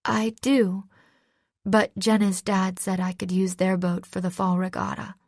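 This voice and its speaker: A woman voicing a cheerful young female sailor in an audiobook, pitched a little higher than her narration. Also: little pitch movement, unhurried, darkish tone, no echo, studio quality. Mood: hesitant.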